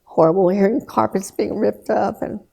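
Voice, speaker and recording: A woman in her sixties, a guest telling a painful personal story in an earnest, subdued way, halting with restarts and trailing pauses. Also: mid-range voice, steady tone, creaky, warm tone, husky. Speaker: guest recounting loss.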